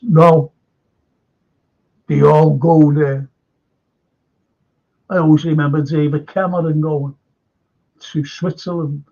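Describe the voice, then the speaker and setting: Gravelly, slow Scouse man. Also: on the high side, steady tone, dark tone, lo-fi sound. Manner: rambling, chatty, stop-start. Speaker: live stream host. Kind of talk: casual chat reading viewer comments.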